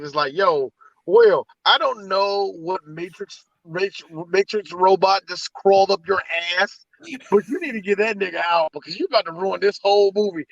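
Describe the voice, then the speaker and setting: A man co-hosting a podcast, chatting loosely about a movie, animated and profane. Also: high voice, moderate pace, no echo, lo-fi sound. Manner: animated, profane, jumps into impressions. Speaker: podcast co-host. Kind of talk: casual movie review chat.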